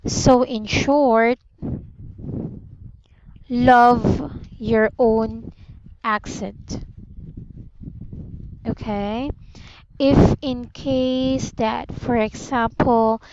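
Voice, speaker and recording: Slow, patient Filipino woman tutor. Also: fairly high pitch. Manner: slow, patient, encouraging, repeats "very good". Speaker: English tutor. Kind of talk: one-on-one online lesson. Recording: slightly muffled lo-fi audio with faint noise.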